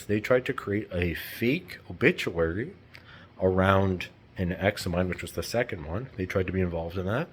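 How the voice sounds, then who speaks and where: A man's voice: fairly low pitch, a little hiss or hum. A man talking in a rambling, heated, profane unscripted monologue.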